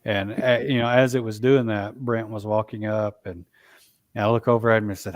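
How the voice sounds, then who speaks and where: A man telling a long story in a casual, halting way, full of fillers and restarts. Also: on the low side, steady tone, no room sound. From Alabama, US. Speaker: Bigfoot researcher guest.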